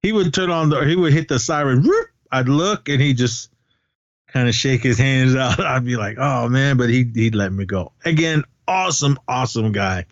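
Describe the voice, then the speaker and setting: A man's voice: mid-range voice, normal speed, dry recording. Profane ranting man on a podcast. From California. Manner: profane, ranting, animated storytelling. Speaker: podcast co-host. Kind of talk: casual podcast chat. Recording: dull, dry podcast recording.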